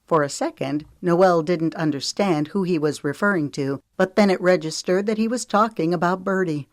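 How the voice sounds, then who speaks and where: A woman narrating an audiobook in a calm, measured storytelling manner. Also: on the low side, dry recording, clean studio sound. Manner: calm, measured storytelling with lifted voices for dialogue. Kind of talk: scripted narration.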